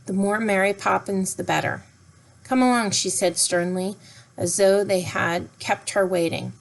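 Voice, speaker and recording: Lady reading a kids' chapter book out loud, gentle and expressive. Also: mid-range voice, measured pace, creaky, rough recording. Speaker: narrator. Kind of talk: storybook read-aloud.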